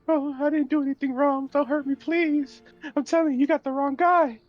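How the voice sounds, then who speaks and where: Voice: high-pitched, steady tone, moderate pace, highs cut off, faint music behind, natural voice. A player doing a whining, begging captive. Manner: whining, fake crying. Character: captive begging not to be hurt.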